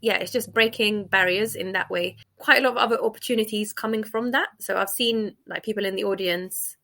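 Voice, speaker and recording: A young woman talks through her stand-up material in a casual interview. Her voice is bright and forward. She keeps it chatty and loose, with plenty of fillers and laughter running through her stories. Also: medium pitch, fairly even intonation, a little fast. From United Kingdom. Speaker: stand-up comedian guest. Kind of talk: casual interview, with comic set excerpts.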